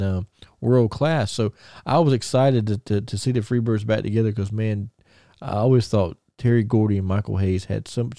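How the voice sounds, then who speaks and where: A man hosting a podcast, telling stories in casual chat with excited, rambling restarts. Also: lowish voice, no room sound, clean studio sound. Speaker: podcast host.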